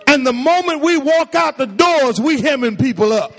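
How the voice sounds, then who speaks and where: A man's voice: very high-pitched, expressive, normal speed. A man preaching a sermon in a church sanctuary, using call-and-response and repeating phrases for emphasis. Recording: echoey hall with long reverb.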